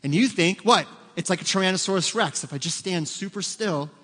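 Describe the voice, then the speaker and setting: A middle-aged man preaching a sermon as pastor, lively and joking, acting out small bits of dialogue. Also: high-pitched, brisk. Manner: lively, joking, acts out voices of children. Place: church sanctuary. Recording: long hall reverb.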